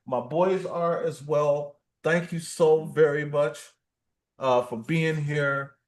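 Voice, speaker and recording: A man's voice: fairly high pitch, fairly even intonation, takes it slowly. A man hosting a casual livestream, playful and reading viewer comments aloud. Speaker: livestream host.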